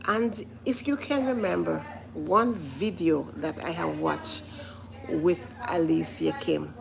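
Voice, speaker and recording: Woman, gravelly voice, lowish pitch, earnest repetitive commentary, chatting with viewers. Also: slow pace, crowd noise, low-quality recording. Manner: earnest and repetitive, often saying "listen". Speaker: vlogger reacting to a reality show.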